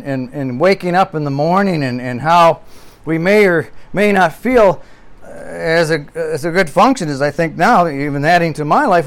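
A man preaching a sermon from the pulpit, emphatic and swinging between loud declarations and quiet asides. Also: a little high. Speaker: pastor.

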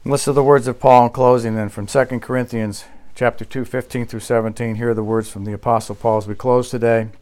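A male pastor preaching a sermon, with emphatic insistence that drops to quiet, low asides. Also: little pitch movement, quick pace, few pauses.

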